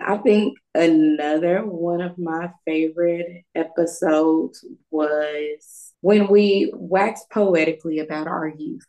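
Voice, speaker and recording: A woman's voice: lowish voice, darkish tone, rough recording. A woman co-hosting a podcast, chatting casually and weighing her words carefully. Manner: thoughtful, hedging. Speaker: podcast co-host. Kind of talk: casual chat.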